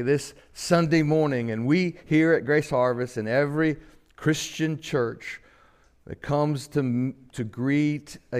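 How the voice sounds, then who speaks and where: Older pastor; folksy storytelling sermon, mid-pitched voice, acts out quotes, slows for solemn lines. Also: male voice.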